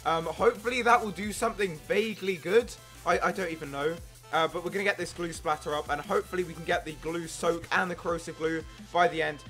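An excitable young man giving casual gameplay commentary, jumping into yelps when things go wrong. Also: fairly high pitch, fast talker, soft background music. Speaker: gaming YouTuber.

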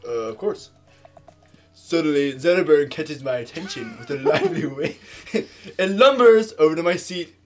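A man's voice: fairly high pitch, very animated, moderate pace, faint music behind. A young man co-hosting a let's play, reading game narration aloud with hesitant "uh"s. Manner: hesitant, lots of "uh", laughing asides.

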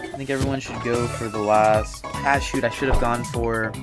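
A young man with a mid-range voice narrates his live playthrough. He rambles, restarts his sentences and jokes at his own expense. Game music plays clearly underneath him. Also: mid-range voice, steady tone, normal speed. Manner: rambling, thinks aloud with frequent restarts; casual slang, self-mocking. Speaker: streamer. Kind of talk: live gameplay commentary.

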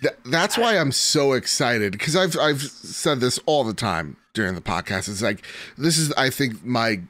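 A man's voice: medium pitch, animated, measured pace, fairly bright tone, no echo. A man in his thirties co-hosting a podcast, chatting casually and rambling with plenty of "like" fillers. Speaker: podcast co-host. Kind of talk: casual chat.

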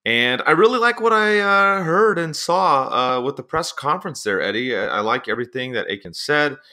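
Bright-voiced man hosting a sports podcast. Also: fairly high pitch, normal speed. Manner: chatty, animated storyteller. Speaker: podcast host. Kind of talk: casual sports podcast chat.

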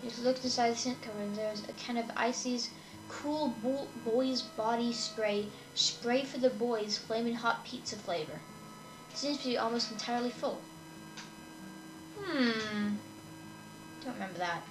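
A woman with a slightly high, unhurried voice plays through a video game, reading along haltingly and mumbling until she trails off with "I guess." The background is noisy, and the echoey room carries game music.

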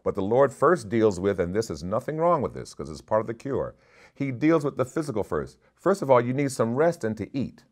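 A man's voice: mid-range voice, sing-song, brisk, a little mellow. A man preaching a sermon as bishop, stressing his points by repeating short commands.

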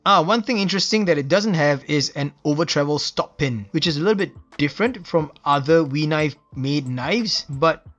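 Excitable Singaporean man unboxing a knife. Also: fairly high pitch, highs cut off. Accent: Singaporean English. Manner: enthusiastic, admiring exclamations over details. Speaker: knife reviewer. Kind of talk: casual unboxing commentary.

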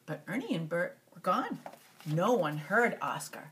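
Animated older woman reading a picture book. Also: on the low side, moderate pace. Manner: animated, stops to talk to the child.

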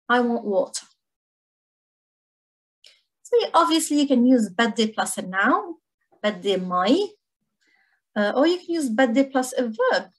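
A woman with a Lebanese accent teaching a language lesson, repeating each word slowly and clearly for learners. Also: a little high, rough recording.

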